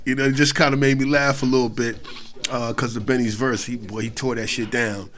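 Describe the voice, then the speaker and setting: A middle-aged man from New York State hosts a hip-hop radio show, chatting loosely between songs with slang, swearing and shout-outs. His voice is medium-pitched and steady, and he talks a little fast.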